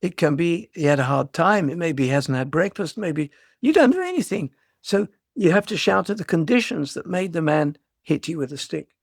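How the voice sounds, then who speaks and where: A man voicing a level-headed male friend, reasoning, husky, gravelly. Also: fairly high pitch, lively intonation, moderate pace, dry recording, studio quality. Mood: insistent. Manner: reasoning, correcting.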